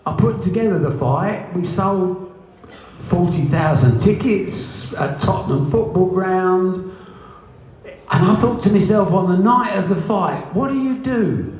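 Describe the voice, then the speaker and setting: A man's voice: high voice, measured pace, darkish tone. A man, a boxing promoter, telling blunt, humorous stories in an interview. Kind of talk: anecdotal interview storytelling. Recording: echoey room.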